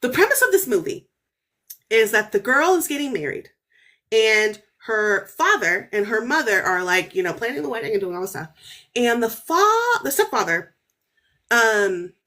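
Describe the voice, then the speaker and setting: A woman in her thirties telling a story on a podcast in a casual, animated way, full of "like" and "right?", her voice jumping up when she gets excited. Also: fairly high pitch. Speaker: author guest.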